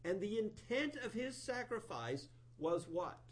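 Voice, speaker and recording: A man giving a sermon, retelling an old scripture story in an animated storytelling voice with rising emphasis. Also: sits high, unhurried. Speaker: preacher.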